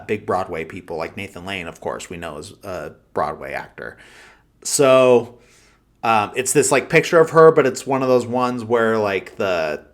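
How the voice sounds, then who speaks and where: Rambling, low-voiced man recapping a film. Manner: rambling, heavy use of "like" and fillers; animated retelling of scenes, chuckling. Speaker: podcast host. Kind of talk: casual film review chat.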